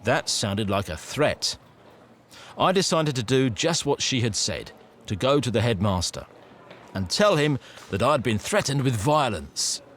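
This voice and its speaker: A man reading a first-person ghost story aloud, building suspense with an expressive delivery. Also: mid-range voice, unhurried, a little hiss or hum.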